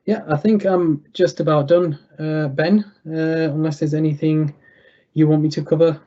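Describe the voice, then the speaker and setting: A man's voice: fairly high pitch, steady tone, warm tone. Hesitant young man on a lo-fi call. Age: young adult. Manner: halting, many "uh" fillers and restarts. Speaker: guest analyst giving betting tips. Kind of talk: thinking aloud while clicking through a screen.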